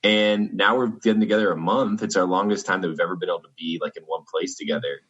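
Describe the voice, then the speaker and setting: A man chatting casually on a video call, rambling with halting restarts. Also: low voice, steady tone, a bit bright. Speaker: podcast guest. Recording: dull lo-fi video call audio.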